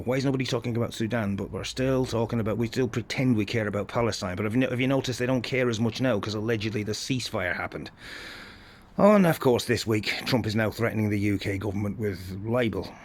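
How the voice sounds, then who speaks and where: A British man rambling bluntly through a profane political monologue outdoors by a bonfire, filming on a handheld camera. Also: on the low side. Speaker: political vlogger. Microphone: handheld phone camera.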